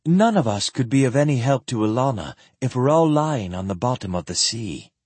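A man voicing a calm, wise sorceress who talks things through plainly. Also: mid-range voice, normal speed, breathy edge, dry recording. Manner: calm, explaining.

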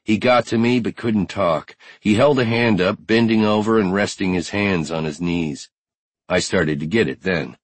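Deep, husky male audiobook narrator. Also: moderate pace, no room sound. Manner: tense, driven storytelling. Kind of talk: first-person audiobook narration.

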